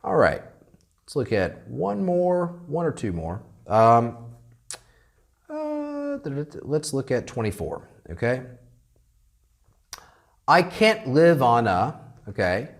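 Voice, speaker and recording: Lively-voiced man teaching English pronunciation. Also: medium pitch, creaky. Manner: drills phrases, asks "okay?" constantly; repeats phrases slowly to model pronunciation. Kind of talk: classroom grammar lesson.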